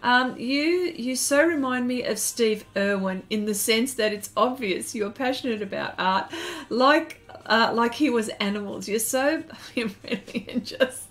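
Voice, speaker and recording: Chatty Australian woman, bright voice. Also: fairly high pitch, measured pace. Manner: chatty, laughs often, reads chat aloud. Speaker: artist streaming live. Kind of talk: casual live-stream chat while drawing. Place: home studio shed.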